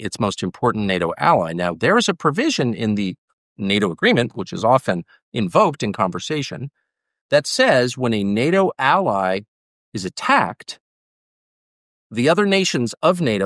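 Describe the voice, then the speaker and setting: Emphatic American man, lively pitch. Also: dry recording, clean studio sound. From United States. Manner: emphatic, combative, repeats points for stress. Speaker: interviewee. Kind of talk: heated political conversation.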